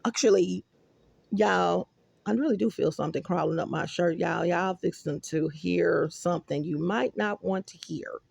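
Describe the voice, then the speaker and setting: Texan woman, casual phone vlogger, animated and chatty, gravelly edge, dry close sound. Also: on the low side, normal speed, no echo. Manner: animated, excitable, talks to viewers as y'all. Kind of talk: rambling casual vlog. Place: apartment and stairwell, indoors. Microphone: phone camera held close.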